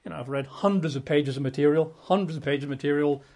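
A man preaching a Bible teaching in a relaxed, conversational way, full of asides and self-corrections. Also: on the high side, fast.

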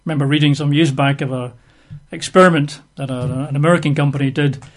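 Guy doing a bible talk, a bit high-pitched, chatty, dry jokes, lots of uh. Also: steady tone, fast talker. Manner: chatty and wry, with frequent fillers. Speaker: Bible teacher. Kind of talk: conversational Bible teaching.

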